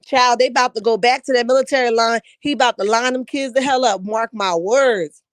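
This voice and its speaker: Woman livestream host, sassy and emphatic, fairly high voice, dry close mic. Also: a little fast, no room sound. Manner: sassy, emphatic, talks back to chat. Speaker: livestream host reading chat. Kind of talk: casual livestream commentary.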